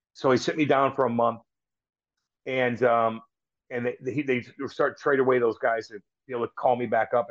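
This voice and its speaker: A man who is a former pro hockey player, guest on a podcast, rambling through a story with lots of swearing and restarted sentences. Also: medium pitch. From St. Louis, US. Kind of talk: casual storytelling. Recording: slightly dull lo-fi sound.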